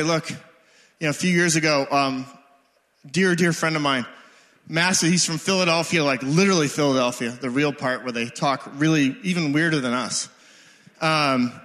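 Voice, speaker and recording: A man's voice: a little high, fairly bright tone. A man, preaching a casual, conversational sermon in a church hall. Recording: hall with long reverb.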